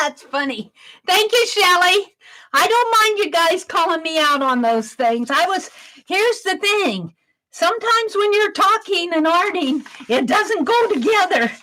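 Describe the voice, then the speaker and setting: A woman's voice: very high-pitched, expressive, unhurried, pushed and bright, rough recording. A woman chatting on a live art stream, talking through her sketch and reading viewers' comments aloud. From Wisconsin. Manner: chatty, reads chat aloud while sketching.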